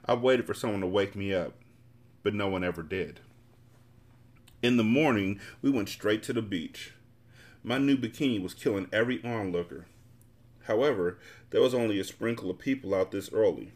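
A man hosting a podcast, reading a novel aloud in a casual, relaxed storytelling way. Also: fairly low pitch, moderate pace.

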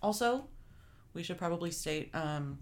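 A young woman co-hosting a podcast in casual chat, joking and laughing, sometimes slowing into a deliberate news-reporter cadence. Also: on the low side, animated, a little mellow. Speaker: podcast co-host.

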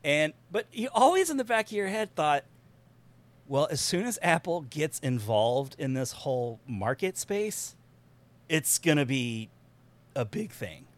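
A man hosting a podcast, talking in an animated, rambling casual way and laughing often. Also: fairly high pitch, measured pace. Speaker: podcast host. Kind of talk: excited casual chat.

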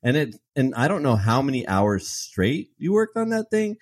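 A man's voice: medium pitch, very animated, moderate pace, no room sound. A man co-hosting a casual podcast chat, telling stories and laughing often as he talks. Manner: giggly, laughs through his stories. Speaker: podcast co-host.

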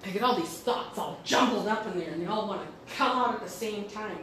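In a brisk, mid-range voice with a fairly bright tone, a woman hosts a podcast, telling rambling stories bluntly and casually while swearing freely. The echoey room carries faint ambience, plus a little hiss or hum.

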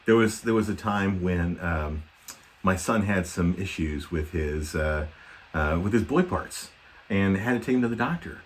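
A man's voice: deep voice, a little hiss or hum. A middle-aged man, a podcast co-host, telling a self-deprecating story in casual chat, rambling with many fillers.

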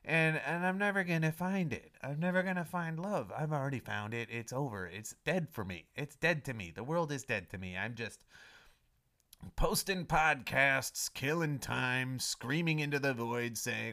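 A man in his thirties hosting a comedy podcast, rambling through a self-mocking intro and swinging from mumbling asides to loud melodramatic pleading. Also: medium pitch, lively intonation, a little slow. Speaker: podcast host.

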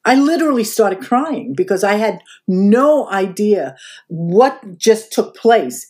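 A woman's voice: medium pitch, slow pace. An older woman, a podcast guest, recounting past events in an interview and acting out the voices of people she quotes. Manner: animated, acts out quoted voices. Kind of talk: interview storytelling.

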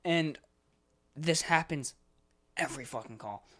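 A man's voice: fairly high pitch, unhurried, fairly bright tone. A young man co-hosting a podcast in casual chat, exasperated and swearing often as he acts out callers. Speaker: podcast co-host.

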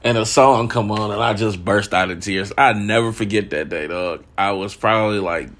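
Young man musing in a low, candid voice. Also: normal speed, fairly bright tone. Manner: candid, rambling, swears freely, says "like" and "dog" a lot. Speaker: podcast host. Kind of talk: casual reflective monologue.

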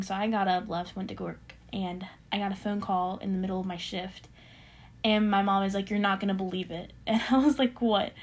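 A young woman casually telling a personal faith testimony on a podcast, animated and full of fillers, acting out what others said. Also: mid-range voice. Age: young adult. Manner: animated storyteller with many fillers, acting out quoted voices. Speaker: podcast co-host sharing a testimony.

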